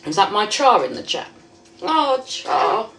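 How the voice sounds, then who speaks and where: A woman's voice: medium pitch, big pitch swings, measured pace, a bit bright, slightly rough. A woman, a livestreamer and new mother, chatting casually and affectionately with her viewers from home while reading out their messages.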